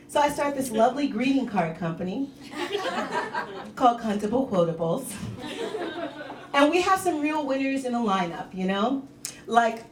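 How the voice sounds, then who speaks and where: A woman performing a stand-up comedy set, telling deadpan dark jokes and talking to the crowd on a club stage. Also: a little high, normal speed, a little hiss or hum. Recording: echoey club, mic heard from a distance.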